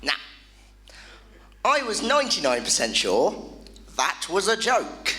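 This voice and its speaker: A male comedian telling an animated stand-up story on a club stage, punchy and quick to the punchline. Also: high-pitched, poor audio. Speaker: comedian and compere.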